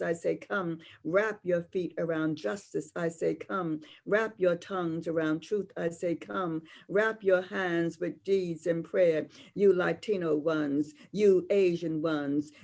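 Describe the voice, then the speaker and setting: A woman's voice: fairly low pitch, darkish tone. An older woman performing spoken-word poetry over a video call, chanting in a repetitive, call-and-response way. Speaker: poet.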